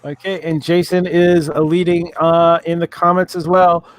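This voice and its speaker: Halting man hosting a live show. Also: on the high side, little pitch movement, dry recording. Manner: hesitant, many filler sounds. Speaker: moderator of a comedy debate show.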